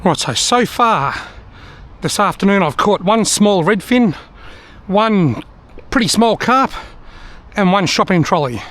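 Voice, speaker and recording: A man's voice: high voice, animated, measured pace, a bit bright. A middle-aged man with an Australian accent, chatting casually to the camera with dry humour while he fishes by a river. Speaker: fishing vlogger. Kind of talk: casual vlog commentary. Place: outdoors by a river.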